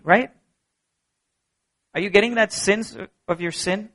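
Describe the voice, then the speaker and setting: A middle-aged man preaching a sermon as pastor, earnest and emphatic, swinging from soft low passages to ringing peaks. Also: slow.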